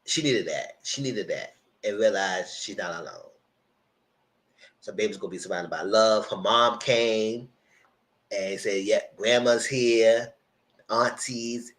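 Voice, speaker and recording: A man speaks a little slowly in a lowish, slightly bright voice, leaving long pauses, on a rough recording. Hosting a live TV review, he recaps episodes chattily and rambles, sometimes voicing the characters.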